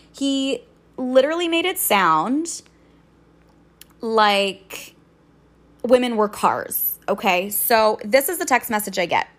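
A woman's voice: medium pitch, fairly bright tone. A young woman telling a personal story in a casual vlog, swearing freely and sounding indignant as she recounts it.

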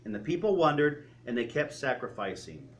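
A man preaching a sermon, telling the story vividly, asking rhetorical questions and dropping to a quiet voice for solemn points. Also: sing-song, fairly quick. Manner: drops to a quiet, low voice for solemn moments.

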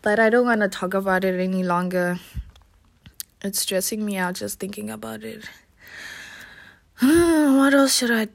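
A woman's voice: medium pitch, unhurried, vocal fry, long pauses. A young woman hosting a casual solo podcast into her phone, chatty and self-mocking, laughing often. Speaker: podcast host.

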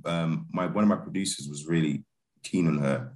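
A man, a film director, chatting in a relaxed interview, laid-back with many restarts and fillers. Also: extremely low pitch, normal speed.

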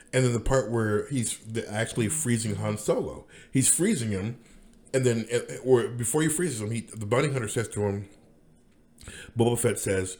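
A man's voice: mid-range voice, a little mellow. A man rambling through a casual monologue as podcast host, with many restarts and fillers.

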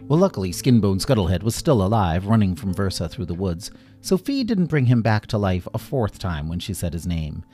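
A man narrating a children's story in an animated way, acting out every character himself. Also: low-pitched, brisk, faint music behind.

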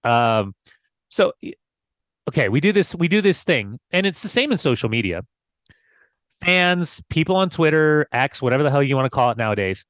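A man co-hosting a casual football podcast, easygoing and agreeable, animated when riffing. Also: a little high, moderate pace, dry recording. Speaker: podcast co-host.

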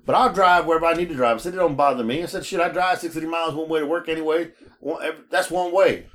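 This man, a rideshare driver co-hosting a laid-back podcast, spins animated driving tales, breaking into frequent laughter and performing different voices. He speaks fast, and his voice runs on the high side.

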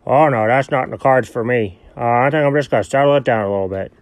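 A man playing a goofy, easygoing rich male dog in an improvised audio story, talking in a lively, rambling, bemused way. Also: mid-range voice, quick pace, no echo, natural voice. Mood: casual.

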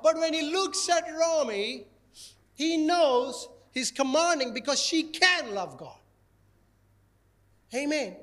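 A man preaching to a congregation in an animated, playful manner. His voice sits very high for a man. He hammers home his points by repeating them. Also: slow pace, pauses often. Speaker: pastor. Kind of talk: sermon.

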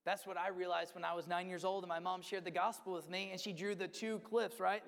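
A man's voice: high voice, flat delivery, a little fast, vocal fry, a bit bright. A man preaching a sermon, emphatic, acting out quotes and repeating key words. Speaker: pastor. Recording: long hall reverb.

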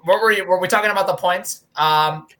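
A man's voice: high-pitched, brisk, a crowd in the background. A man co-hosting a casual chat, joking and laughing often. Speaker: podcast co-host.

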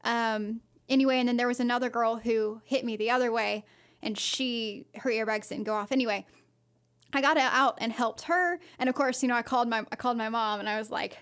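A woman's voice: a little high, a little fast, fairly bright tone. A woman casually telling a personal story on a podcast, rambling with lots of fillers and restarts. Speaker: podcast co-host.

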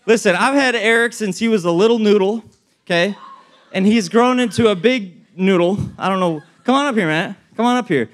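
High-voiced, energetic young pastor. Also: male voice, brisk. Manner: energetic, casual slang, addresses crowd directly. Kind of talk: youth sermon with humorous stories. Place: event hall with live audience.

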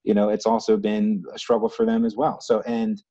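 A man's voice: lowish voice, flat delivery, fairly quick, mellow, no room sound, lo-fi sound. An American man talking through his views in a loose, reflective way, with many restarts and fillers. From United States. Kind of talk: casual conversation.

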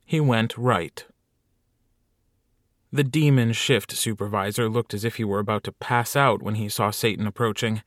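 An audiobook narrator reads a scripted story with wry, lively flair. His voice is fairly low at a moderate pace, recorded at studio quality with no room sound.

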